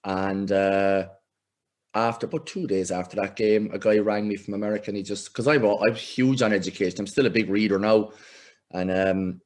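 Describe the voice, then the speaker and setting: A middle-aged Irish man, a football coach, telling lively anecdotes in a casual interview and acting out the voices he quotes. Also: on the low side, normal speed. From Ireland. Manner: animated anecdotes, acts out quoted voices, laughs often. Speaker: football coach, podcast guest.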